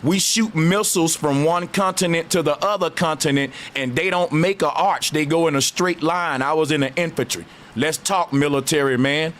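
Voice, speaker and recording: A man with a Southern US accent, hosting a call-in debate, talking slowly and arguing hard. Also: fairly high pitch, a bit bright. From Southern United States. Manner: slow, drawling, argumentative. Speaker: host.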